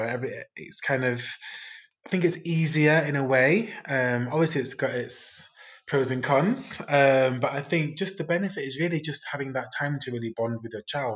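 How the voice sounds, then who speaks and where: A man, a single adoptive father chatting candidly in an interview with plenty of fillers. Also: mid-range voice. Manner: chatty, warm storytelling with many fillers.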